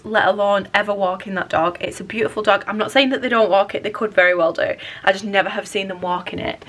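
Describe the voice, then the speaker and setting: A woman's voice: mid-range voice, a bit bright. A young woman, chatting casually to camera in her bedroom, rambling and self-deprecating. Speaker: vlogger. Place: bedroom at home.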